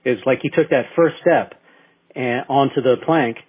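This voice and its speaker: A man co-hosting a casual internet radio talk show, telling a long story that he keeps restarting and filling with ums. His voice is husky and sits at an average pitch. The sound is thin and phone-like. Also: moderate pace. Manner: rambling storyteller with many restarts and fillers. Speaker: podcast co-host. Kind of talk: casual chat.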